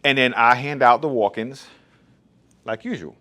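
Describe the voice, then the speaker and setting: A man's voice: medium pitch, moderate pace, fairly bright tone. Blunt, no-nonsense barbershop owner man. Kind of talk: casual straight-talk monologue.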